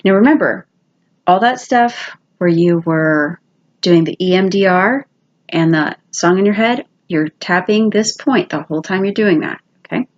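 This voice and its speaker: A woman giving casual, quick, chatty step-by-step instructions, demonstrating as she goes. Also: on the low side, lo-fi sound.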